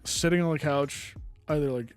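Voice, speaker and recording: Dry, teasing young man, slightly high. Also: normal speed, faint music behind. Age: young adult. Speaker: podcast co-host. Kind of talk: casual chat.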